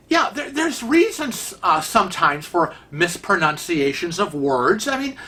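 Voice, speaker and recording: Bright-toned chatty man from Rochester. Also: high voice. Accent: Rochester, New York. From Rochester, New York. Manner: chatty, digressive, teasing. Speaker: vlog host. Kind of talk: casual vlog commentary.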